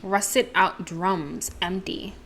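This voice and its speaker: A woman's voice: lowish voice, steady tone, drawn-out words, background noise. A woman streaming a game, reading its text aloud and chatting with self-deprecating asides. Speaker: gameplay streamer. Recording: game music playing behind.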